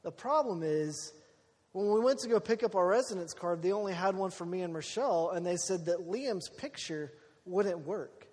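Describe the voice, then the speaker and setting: A man telling a personal story in a sermon, acting out the people he quotes in an animated way. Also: sits high, moderate pace. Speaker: preacher. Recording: long hall reverb.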